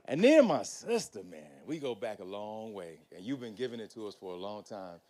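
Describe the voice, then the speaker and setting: A man hosting a live panel, introducing guests with energetic, preacher-like hype and casual slang. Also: fairly low pitch, fairly quick, a little hiss or hum. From United States. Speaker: panel host.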